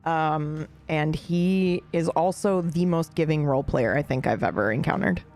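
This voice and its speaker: A woman's voice: deep voice, moderate pace, darkish tone, soft background music. A woman in casual group chat, talking in a rambling, self-deprecating and fond way about roleplaying with a castmate. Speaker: roleplay streamer reflecting on a castmate.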